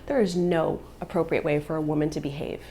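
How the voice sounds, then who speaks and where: A woman's voice: sits low, steady tone, brisk, warm tone, a little hiss or hum. A woman in her thirties, a vlogger and mother, telling a personal story in an earnest, emotional way.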